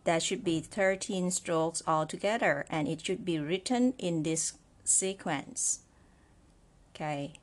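A woman's voice: lowish voice, slow pace. A woman teaching a Chinese language lesson, explaining step by step, repeating example phrases and often checking in with "right?". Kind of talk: slow, patient spoken lesson.

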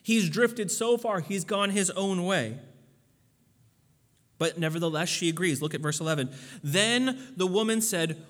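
Casual preacher with a high voice. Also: male voice, lively intonation, normal speed, a bit bright, in a large hall. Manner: casual and conversational with frequent fillers, swelling to emphatic peaks. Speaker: pastor. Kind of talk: sermon.

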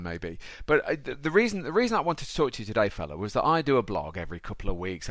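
A man's voice: lowish voice, dry recording, studio quality. A man hosting a podcast, chatty and upbeat, calling his guest mate and fella. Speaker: podcast host. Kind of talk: casual podcast interview.

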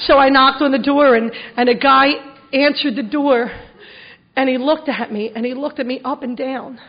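A middle-aged woman with a high voice tells her recovery story to a room, earnest and emotional, breaking it up with self-mocking jokes. Her stays strong throughout. The recording sounds dull and lo-fi. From Philadelphia, USA. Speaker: recovery meeting speaker. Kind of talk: personal testimony talk to an audience.

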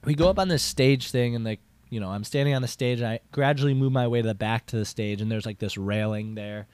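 A man's voice: fast talker, clean tone, no room sound. A young man rambles through a story on his own show, full of "like" and false starts, his voice jumping up when he gets worked up. His mid-range voice sounds close and dry, with no room around it. He sounds casual and chatty. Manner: rambling, filler-heavy with frequent "like" and restarts; animated, jumps up in pitch for emphasis. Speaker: podcast host.

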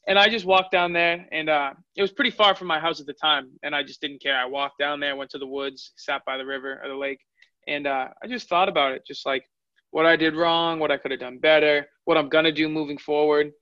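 A man's voice: a little high, steady tone, fairly quick, sharp tone, no room sound. A man in his twenties, a fighter, telling his story candidly in an interview. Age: 20s. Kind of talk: interview answers. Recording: dull lo-fi audio.

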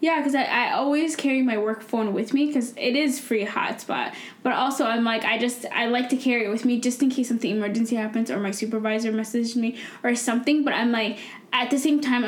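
A woman's voice: a little high, fairly even intonation, fast, roomy sound. A woman in her twenties co-hosting a casual podcast chat, talking earnestly and rambling with restarts. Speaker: podcast co-host.

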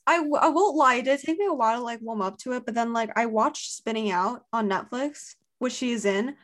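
A woman with a fairly high voice leads a casual fan chat. She gushes as she talks and fills her sentences with fillers. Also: brisk, a bit bright. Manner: gushing, filler-heavy.

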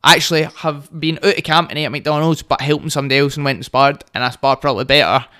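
Scottish young guy yarning on a podcast, bright crisp voice, pretty cocky. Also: fairly high pitch, fairly even intonation, quick pace. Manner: cocky, laughing storyteller. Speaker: guest boxer. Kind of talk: casual podcast chat.

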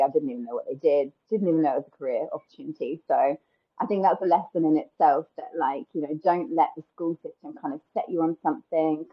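Husky low woman on a tinny line. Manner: thoughtful and rambling. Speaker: wedding planner guest. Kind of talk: casual podcast interview.

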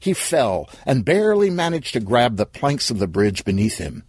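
A man narrating an audio story in a vivid, expressive way. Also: mid-range voice, normal speed, breathy edge, no room sound, studio quality.

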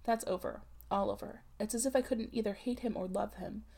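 A desperate young mother, pleading and close to sobbing, her voice husky with a gravelly edge, as a woman reads her in an audiobook. She speaks low and urgent, holding back a secret. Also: fairly quick. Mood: anguished. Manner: hushed, pleading, breaking into sobs.

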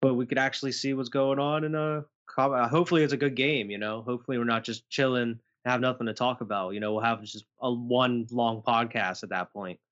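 A man hosting a relaxed podcast, upbeat and loose in his wording. His voice is mid-pitched, and the recording sounds somewhat muffled. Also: fairly quick, hardly any pauses. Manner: relaxed, upbeat planning talk, swears casually. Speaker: podcast host. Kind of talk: casual chat.

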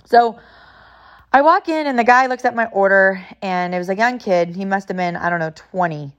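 A woman in her thirties from California, chatty and animated, telling a story casually to the camera with lots of "like". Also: medium pitch, moderate pace, highs cut off. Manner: chatty, animated, heavy use of "like".

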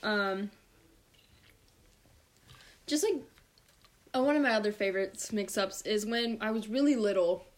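A woman's voice: mid-range voice, measured pace, long pauses. A young woman co-hosting a casual podcast, telling stories in a giggly, chatty way. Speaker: podcast co-host. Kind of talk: casual chat.

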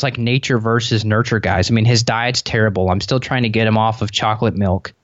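A man speaking over a remote call, earnest and reflective, spinning long flowing stories in a relaxed chat. His voice sits at an ordinary middle pitch. The audio is slightly muffled and dry. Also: dry recording. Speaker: podcast guest. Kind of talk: relaxed conversational interview.

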